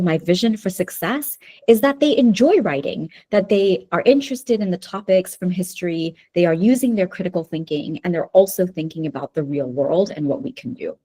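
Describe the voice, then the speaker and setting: A woman's voice: on the low side, darkish tone. A woman presenting a live webinar workshop who keeps checking in with her listeners with "okay?" and "right?". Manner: talks to the audience with frequent "okay?" and "right?" checks. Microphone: video call.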